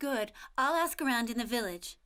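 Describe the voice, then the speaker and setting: A woman's voice: on the high side, expressive, a little fast, pushed and bright, smooth. Kind, fussing cartoon mother. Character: kind motherly older village woman.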